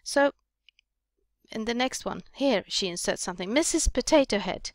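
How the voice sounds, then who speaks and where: Casting note: Swedish-accented woman teacher, fairly high voice, dry close sound, explanatory delivery. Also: expressive, moderate pace, no echo. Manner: explanatory, reads example sentences aloud with emphasis. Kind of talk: recorded lesson on writing.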